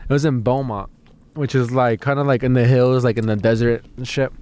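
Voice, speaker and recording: A man's voice: mid-range voice, steady tone, a little fast, darkish tone, clean tone. A man, a stand-up comedian, telling a rambling story in casual podcast chat, full of fillers, restarts and swearing.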